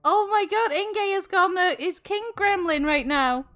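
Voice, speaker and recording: A woman's voice: very high voice, lively intonation, unhurried, fairly bright tone. A young woman streaming live, casually chatting and effusively thanking her viewers, often exclaiming in shock.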